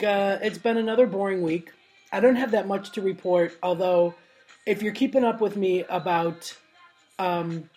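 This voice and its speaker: A woman's voice: lowish voice, a little mellow. A woman hosting an internet radio show, chatting in a loose, rambling way and joking about herself. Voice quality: rambling, joking, self-mocking. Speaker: podcast host. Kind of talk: casual chat.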